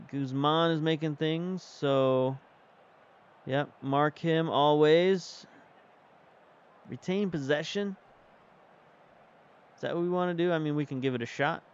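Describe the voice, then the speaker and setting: Slow and prone to frequent pauses, a male streamer with a smooth, high-side voice talks casually through a football management game. He's chatty, musing on tactics and substitutions while managing the match. The audio sounds dull.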